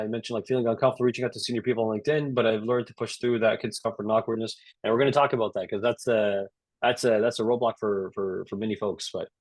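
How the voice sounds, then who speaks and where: A man with a Canadian accent speaks quickly and with energy, leading a live online session. His voice sits at an ordinary middle pitch. The sound is dry and close, with no room around it. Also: no room sound. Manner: energetic, frequent "right?" tag questions. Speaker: career speaker at a virtual session.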